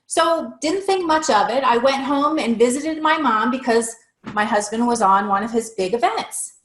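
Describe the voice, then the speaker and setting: Animated storytelling woman, echoey room. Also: a little high, moderate pace. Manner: animated, acts out quoted dialogue. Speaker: interview guest. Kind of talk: personal storytelling in conversation. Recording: roomy echo.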